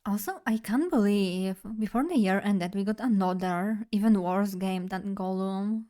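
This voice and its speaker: A young woman speaks directly to her live-stream chat in a loose, playful, casual way. Her pitch is mid-range for a woman, and she talks at a measured pace with a warm tone.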